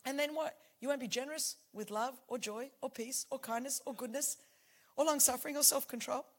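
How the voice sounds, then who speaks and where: A woman in her forties delivers a fervent sermon in a high, bright voice. She drops to near-whispers for intimate points, then rises to shouted declarations. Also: fairly quick, husky. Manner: passionate, swings from hushed to shouting. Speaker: preacher.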